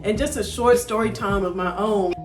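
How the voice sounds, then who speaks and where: A woman hosts her channel in a casual, conversational way and tells her own story at an easy pace. Her voice sits at a middle pitch. The room is echoey, and loud music plays under her talk. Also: normal speed. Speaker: channel host. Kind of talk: casual reaction-video chat.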